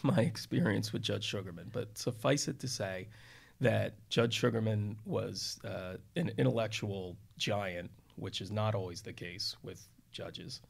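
Gravelly low-voiced male lawyer. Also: a little slow. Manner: rambling, many restarts and asides, chuckles. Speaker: criminal defense attorney, podcast co-host. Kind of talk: casual storytelling podcast talk.

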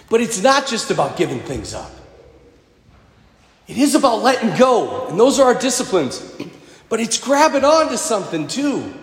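A man preaching a sermon as a priest in a church, talking in a lively, conversational way with humor and emphatic repetition. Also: sits high. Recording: echoey church with long reverb.

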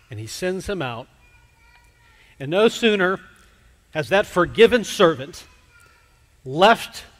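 Slow-preaching man in an echoing hall. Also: a little high. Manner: slow, emphatic preaching that drops to a hush. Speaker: pastor. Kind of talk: sermon. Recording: long hall reverb.

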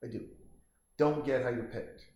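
A man's voice: mid-range voice, steady tone, normal speed, a little mellow, roomy sound. A man giving casual, rambling commentary while watching a movie at home, swearing now and then. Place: home, lying on a couch.

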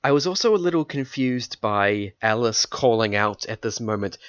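A man giving measured, dry commentary on a film in casual chat. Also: fairly low pitch, fairly bright tone, no room sound. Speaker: podcast co-host. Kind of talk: casual movie discussion. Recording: dull, dry lo-fi mic.

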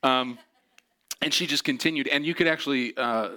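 A man's voice: medium pitch, moderate pace, sharp tone. A man telling a personal story in a chatty, self-deprecating way, with many fillers.

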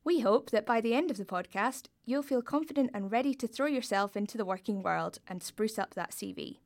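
A woman's voice: fairly high pitch, lively intonation, brisk. A woman hosting a publisher's podcast, reading a scripted, upbeat introduction. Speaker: podcast host.

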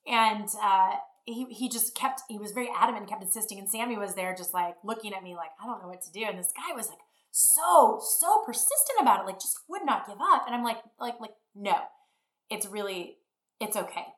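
A woman's voice: medium pitch, a little fast, few pauses, reverberant. A middle-aged woman telling a rambling story in a casual way and acting out what people said. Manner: rambling, animated, acts out quotes. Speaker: fitness business founder.

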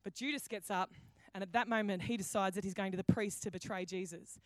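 A woman's voice: mid-range voice, fairly even intonation, a little fast, no room sound. A woman pastor preaching a sermon, telling the story with acted-out quotes and many restarts. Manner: storytelling, acts out quoted lines, frequent restarts.

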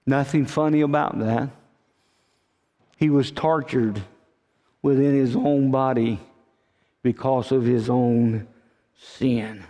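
A man's voice: medium pitch, steady tone, takes it slowly, pauses often, mellow, in a large hall. A man preaching a sermon, telling folksy stories and calling his listeners "folk.". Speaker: pastor.

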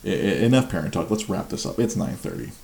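Host: deep man, mellow and gravelly, rambling, chuckling and stammering in a roomy echo. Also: very animated, quick pace. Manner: rambling, laughs often, stammers and repeats words. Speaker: livestream show host. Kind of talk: casual chat. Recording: roomy echo with faint noise.

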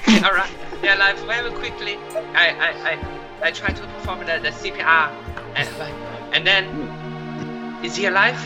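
Male co-host, slightly higher voice, animated and stumbling, music behind. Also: measured pace, low-quality recording. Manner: stammers and repeats words. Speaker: podcast co-host. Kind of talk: casual chat.

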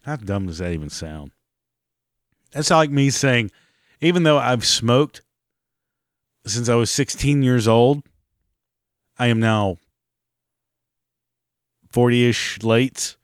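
A man's voice: fairly low pitch, takes it slowly, long pauses, no room sound, studio quality. A man, hosting a podcast in a sarcastic, profane, mocking rant. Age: 40s. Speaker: podcast host. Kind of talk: casual ranting monologue.

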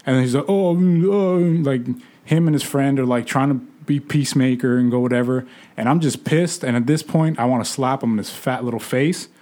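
A young man casually telling a bar story in a relaxed chat, swearing freely. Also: mid-range voice, brisk. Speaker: podcast co-host telling a story.

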